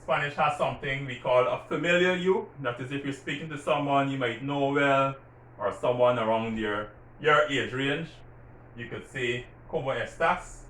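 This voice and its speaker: A man teaching Spanish greetings, patiently explaining grammar and repeating example words slowly with stressed syllables. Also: mid-range voice, fairly bright tone. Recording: roomy echo from a distant mic, faint background hiss.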